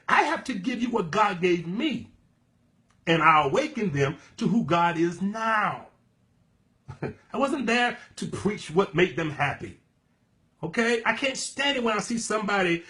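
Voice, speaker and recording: A man with a high-pitched voice delivers a sermon-style teaching. He preaches with fervent emphasis, addressing his listeners as "baby." He breaks into loud exclamations and bursts of laughter. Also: expressive, normal speed.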